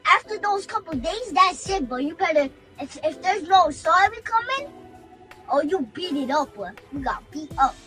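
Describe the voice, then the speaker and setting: A woman's voice: extremely high pitch, expressive, moderate pace, a bit bright, faint music behind. A young woman in a played viral clip, talking defiantly about not playing games. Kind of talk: defiant rant.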